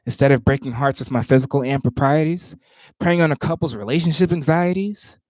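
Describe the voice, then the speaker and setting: A man rehearsing his own spoken word poetry, reciting lines, stopping, and talking to himself about pauses before starting over. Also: no room sound. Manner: stops and restarts lines, talks asides to himself; rises louder and higher when reciting.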